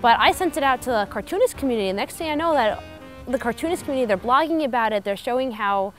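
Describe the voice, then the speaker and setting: A woman's voice: on the high side, fast, soft background music. Upbeat young woman cartoonist. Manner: upbeat, earnest, lively. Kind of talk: interview.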